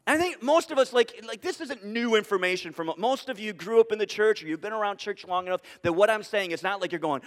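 Guy preaching a sermon, kinda high voice, repeats stuff for emphasis, big echoey church hall. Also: lively intonation, quick pace, few pauses. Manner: emphatic, repetitive rhetorical questions. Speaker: pastor. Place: church sanctuary before a congregation. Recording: long hall reverb.

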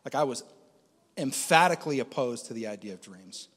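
A man's voice: mid-range voice, lively intonation, a little fast, a bit bright, breathy edge, long reverb tail. A man giving a conversational personal testimony as a Christian speaker, with lots of fillers.

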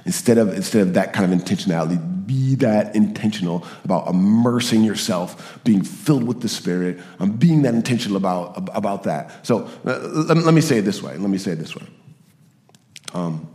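Man pastor, lively pitch, preaching in a roomy hall, slightly high voice. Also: brisk. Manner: animated, acts out quoted voices, repeats phrases. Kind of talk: sermon.

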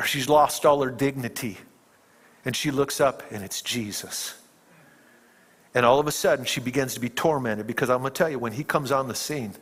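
A male preacher retelling a film scene in a sermon, shifting between hushed tones and emphatic peaks. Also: mid-range voice, big-room sound. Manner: dramatic storytelling, dropping to hushed tones and rising to emphatic peaks.

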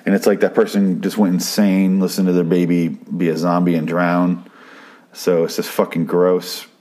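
Low-pitched man for a loose, profane episode recap vlog, rambling and exasperated. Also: a little mellow. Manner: rambling, swearing, exasperated ranting. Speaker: TV show recapper.

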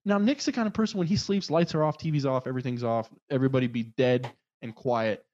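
A man telling a story in casual chat, acting out the people in it with lively swings of voice. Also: mid-range voice, quick pace, highs cut off. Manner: animated, acts out the people in his story.

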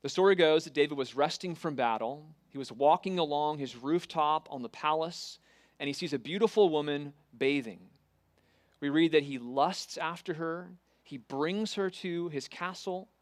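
A man delivers a sermon in a slightly high voice, retelling a scripture story with earnest pauses and swells of emphasis. The sound is dry and close, with no room around it. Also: no room sound. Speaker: preacher.

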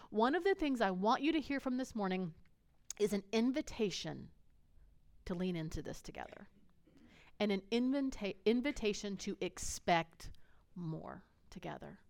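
A woman pastor preaching a sermon in a conversational, earnest way, telling a personal story and dropping to a hush for quoted dialogue. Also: medium pitch, clean tone.

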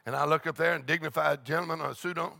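Gravelly shouting preacher, man. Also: on the high side, fairly even intonation, rapid-fire, no room sound. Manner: shouting and laughing exuberantly. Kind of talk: charismatic sermon. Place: church meeting.

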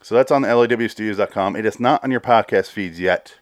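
A man's voice: on the low side, fairly quick, no echo. Casting: male podcast host, solo review, rambling and profane, dry close sound. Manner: rambling, profane, exasperated rants.

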